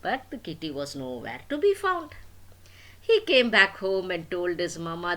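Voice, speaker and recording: A woman's voice: fairly low pitch, very animated, moderate pace, fairly bright tone. An older woman telling a silly story to children, playful, asking her listeners questions and adding sound effects.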